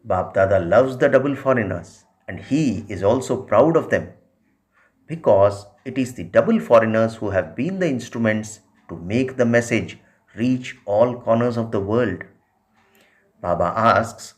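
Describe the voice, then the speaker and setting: A man reading out a spiritual discourse in a measured way, often posing questions to his listeners. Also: on the low side, lively intonation.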